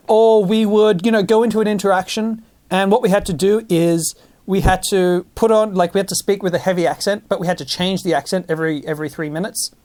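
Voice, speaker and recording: A man, possibly, telling stories in a casual monologue, animated and full of restarts. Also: high voice. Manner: animated storytelling with many restarts.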